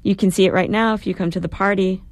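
A woman voicing a bold, provocative teenage girl who speaks calmly and slowly, in command. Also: mid-range voice, dry recording, natural voice. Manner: calm, slow and commanding.

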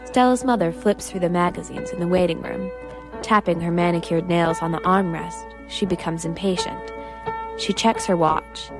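Low-voiced woman reading a story. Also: moderate pace, music in the background. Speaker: narrator. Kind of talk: dramatic prose reading.

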